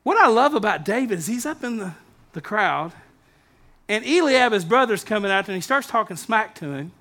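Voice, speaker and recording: A man preaching a sermon as pastor, lively and humorous, with asides to the congregation. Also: sits high, normal speed.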